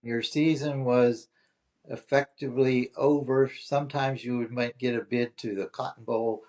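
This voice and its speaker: A man's voice: mid-range voice, fairly even intonation, moderate pace, darkish tone. Terse older man guest. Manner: terse, dry, leads with questions. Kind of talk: casual chat.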